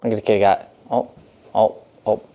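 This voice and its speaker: A man's voice: on the low side, flat delivery, moderate pace, muffled recording. Chatty man cooking live at home. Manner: rambling, chatty, talks to chat and a cat. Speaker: cooking streamer. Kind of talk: casual live-stream cooking chat. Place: home kitchen.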